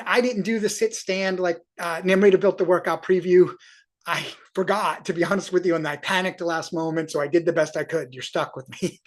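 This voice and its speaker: A cycling coach walking athletes through a workout review on screen, talking in an enthusiastic, encouraging and loose way with frequent self-corrections. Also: mid-range voice.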